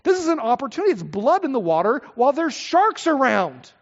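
A middle-aged man preaches an expository sermon from the pulpit in a conversational way, filling it with asides and rhetorical questions. The pastor's voice is very high and sing-song, and he talks fairly quickly. The recording sounds slightly dull, with the echo of a large hall.

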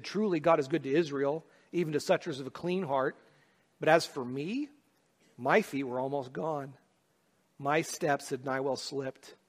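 A man preaching a sermon as pastor, moving from quiet, personal reflection to loud, impassioned calls. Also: a little high. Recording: long hall reverb.

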